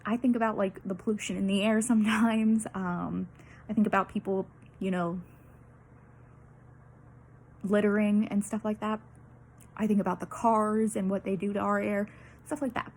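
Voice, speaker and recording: Young female student presenter, nervous, breathy, filler-heavy, faint background hiss. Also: mid-range voice, flat delivery, moderate pace, long pauses, a little mellow. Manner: nervous, many fillers and laughs, apologetic. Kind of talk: peer-teaching presentation.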